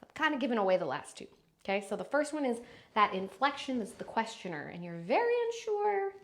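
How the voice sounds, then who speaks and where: A voice and speaking coach, a woman, runs a live online lesson about the speaking voice, talking fairly quickly and with a lot of animation. She demonstrates habits through exaggerated examples, shifting her pitch and volume to show each one.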